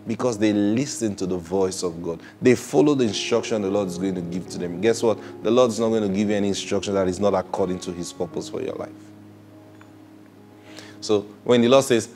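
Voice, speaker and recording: A man preaching a sermon, swinging between loud exclamations and hushed, slow asides, and acting out prayers and conversations. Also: on the low side, music in the background. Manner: acts out prayers and conversations in changed voices.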